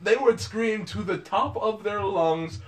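A man's voice: high-pitched, a little slow, slight background noise. A man chatting casually with friends, acting out silly characters and laughing often. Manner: animated storyteller, acts out shouting characters and laughs a lot. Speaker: podcast co-host. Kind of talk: casual chat among friends.

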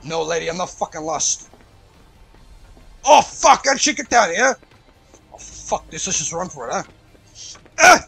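A man hosting a let's play, reacting loudly and profanely, yelling at the game as he plays. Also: on the high side, normal speed, gravelly, pauses often, husky, faint music behind. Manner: excitable, profane, shouts at the game. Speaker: gaming channel host.

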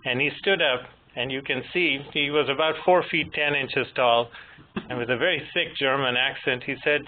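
A man in his fifties, moderator and presenter, giving a measured technical lecture with gentle humor. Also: mid-range voice, fairly even intonation. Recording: tinny phone-line audio with faint noise.

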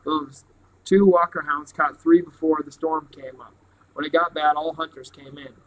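A man's voice: a little high, steady tone, moderate pace, lightly acted, rough recording. A man reading a commanding adult hunt leader's lines in a firm, matter-of-fact way.

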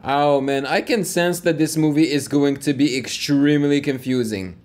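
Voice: mid-range voice, normal speed. A movie reaction host from Quebec with a Quebec French accent, thinking aloud and exclaiming as they watch. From Quebec, Canada. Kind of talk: casual movie reaction commentary. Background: film soundtrack music.

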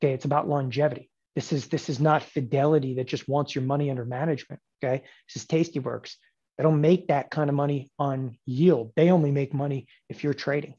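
A man in his forties teaching options trading in a lecture, emphatic and sarcastic, with animated bursts. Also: medium pitch, brisk, lo-fi sound. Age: 40s.

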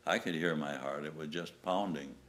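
An older man, a war veteran from the United States, recounting wartime memories in a halting way, with restarts and small chuckles. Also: rumbling low, a bit bright, slight background noise. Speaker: WW2 veteran interviewee.

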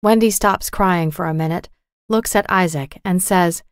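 A woman narrating a storybook for English learners with a clear, measured, carefully articulated reading. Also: lowish voice, fairly even intonation, no echo, studio quality.

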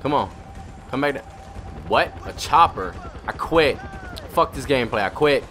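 Excitable young man trash-talking while gaming. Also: mid-range voice, normal speed, slight background noise. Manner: profane, excitable trash talk. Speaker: gamer commentator. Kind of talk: let's play commentary.

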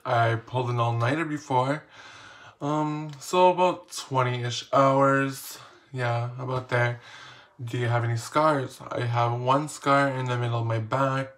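Male vlogger, unhurried delivery, playful and slangy, self-mocking, reads questions then answers, casual Q&A vlog. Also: mid-range voice, fairly even intonation, a bit bright.

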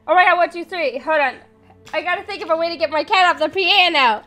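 A young woman streaming a horror game live, chatty and excitable, reading the game text aloud and jumping to loud yelps. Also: very high voice, quick pace, faint music behind.

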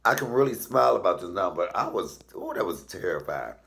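A middle-aged comedian tells blunt, profane stories while he cooks. His voice is low and gravelly, and his pitch jumps around a lot. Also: sing-song, a little fast, a bit bright. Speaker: comedian and cooking show host. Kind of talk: casual comic storytelling while cooking.

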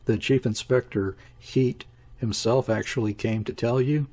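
A man reading the part of a nervous, easily shaken man in an audiobook, asking excited, anxious questions. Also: medium pitch, a little slow, natural voice.

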